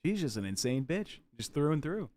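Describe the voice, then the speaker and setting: A man's voice: on the high side, very animated, brisk, a little mellow. A man co-hosting a livestream, chiming in with wry jokes and comments. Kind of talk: casual livestream chat.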